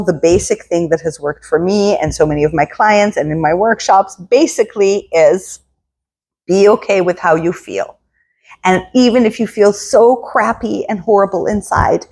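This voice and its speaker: A woman's voice: mid-range voice, moderate pace, a little mellow, breathy edge. A woman working as a spiritual coach, giving a casual motivational talk and acting out inner voices in quotes.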